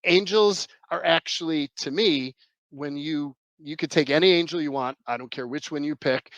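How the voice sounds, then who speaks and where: Fast, emphatic man, dry close sound. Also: a little high, fairly bright tone, no echo, highs cut off. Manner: rambling, emphatic, with many restarts. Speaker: podcast guest. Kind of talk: conversational explanation.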